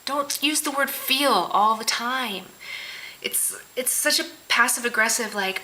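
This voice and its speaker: Blunt, bright-voiced woman ranting. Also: on the high side, expressive, moderate pace, a little hiss or hum, rough recording. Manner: blunt, profane, sarcastic ranting; mocks others in meek put-on voices. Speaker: vlogger. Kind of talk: casual ranting vlog.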